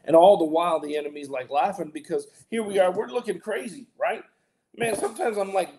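A man's voice: high-pitched, a little fast, noisy background. A man co-hosting a casual Bible talk show as pastor, talking earnestly with lots of restarts and preacherly emphasis. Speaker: pastor and co-host.

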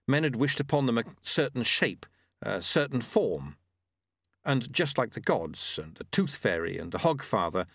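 This audiobook narrator, a man with a mid-range voice, reads scripted novel narration in an expressive storytelling way. It's a dry, studio-quality recording.

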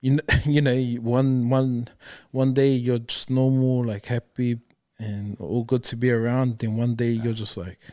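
A man with a New Zealand accent hosts a podcast, encouraging and affirming. His voice sits at a medium pitch. The sound is close and dry, with no room behind it. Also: measured pace, few pauses, dry recording. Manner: encouraging, affirming, animated when telling stories. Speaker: podcast host. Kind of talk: casual podcast conversation.

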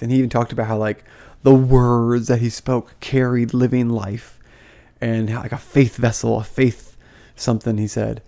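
A man's voice: mid-range voice, flat delivery, moderate pace, pauses often, mellow. A young man giving casual, heated commentary to camera as a vlogger, full of fillers, restarts and frustrated asides. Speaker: vlogger, former ministry school student.

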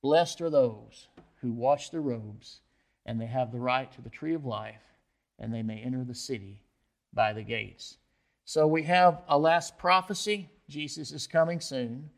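A man's voice: medium pitch, a little slow, creaky. A man preaching an expository sermon as pastor, often asking the listeners questions and checking in with them.

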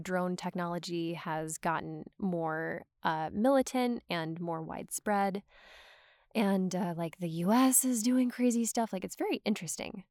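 A woman's voice: fairly low pitch, a little mellow, dry recording, studio quality. A young adult woman from Georgia, a voice actor, talking in a chatty, rambling way with lots of "like" and frequent laughs. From Georgia, USA. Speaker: voice actor guest. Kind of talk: casual podcast conversation.

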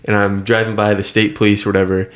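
A young man with a somewhat low voice tells a story on a casual podcast. He rambles easily, packing his talk with fillers and laid-back asides. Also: fast. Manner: relaxed, filler-heavy storytelling. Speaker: podcast co-host.

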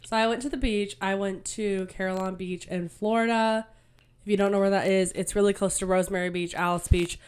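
A young woman co-hosting a podcast in casual chat, bubbly and chatty, her voice still slightly raspy from a cold. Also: medium pitch, steady tone, a little fast. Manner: bubbly, chatty, full of "like" fillers. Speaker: podcast co-host.

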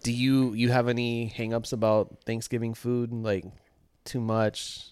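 A man's voice: mid-range voice, flat delivery, a little slow, darkish tone, clear, resonant tone, no room sound, studio quality. A man with a Southern US accent co-hosting a casual podcast, answering in short, easygoing replies. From Southern United States. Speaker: podcast co-host.

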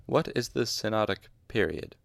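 A man's voice: on the low side, expressive, normal speed, gravelly, no echo. A man voicing a stern-looking magic master. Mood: questioning. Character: stern dark-eyed male magic master. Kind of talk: audiobook reading with voices.

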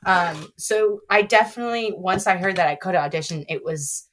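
A woman's voice: fairly low pitch, moderate pace. A young woman, a stage actress, chatting as a podcast guest and telling stories with quoted asides. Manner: animated storytelling with quoted asides. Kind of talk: casual chat.

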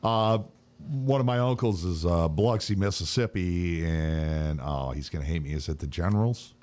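A man's voice: sits low, normal speed, darkish tone. A man co-hosting a casual chat show, talking in a laid-back, rambling, profane way. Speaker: podcast co-host.

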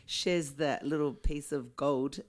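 A woman, co-hosting a podcast in a chatty, quick, self-deprecating way. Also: deep voice, fairly even intonation, darkish tone. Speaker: podcast co-host. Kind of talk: casual chat.

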